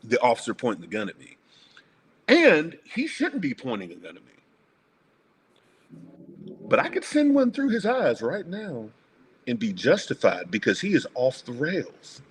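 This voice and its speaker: Blunt, profane man with a lively voice. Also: medium pitch, moderate pace, long pauses, slight background noise. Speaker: guest. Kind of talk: casual panel discussion.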